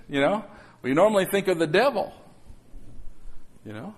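A man's voice: high voice, lively intonation, normal speed, pauses often. A man pastor preaching a sermon to his congregation, calling out for amens and acting out quotes. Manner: calls for amens, acts out quotes. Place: church sanctuary.

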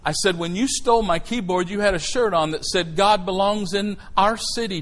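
A middle-aged man preaching a sermon, telling a personal story in an animated way that swings from hushed lines to shouts. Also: high voice, moderate pace, few pauses, rough recording.

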